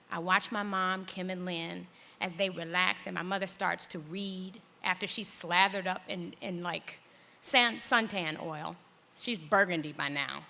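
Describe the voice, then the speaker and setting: A middle-aged woman telling a personal story on stage in a large hall, acting out the voices with big jumps in pitch. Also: creaky, pushed and bright. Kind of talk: live storytelling performance.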